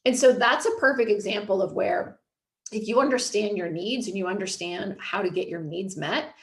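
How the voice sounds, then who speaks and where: A woman's voice: medium pitch, moderate pace, roomy sound. A woman in her thirties, host and coach, talking casually and filling her speech with "like" and "you know". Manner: chatty, frequent "like" and "you know". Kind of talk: casual podcast talk.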